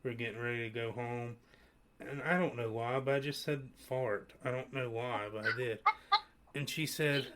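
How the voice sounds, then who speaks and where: A man hosting a podcast in casual chat, telling stories in a rambling, animated way with many restarts. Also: mid-range voice, normal speed, very noisy. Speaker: podcast host.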